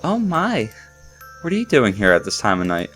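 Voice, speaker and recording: A man reading aloud and voicing a polite, gentle young woman from a game, with soft, courteous and formal speech. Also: medium pitch, wildly swooping pitch, normal speed, slightly rough, soft background music, exaggerated voice. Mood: caring.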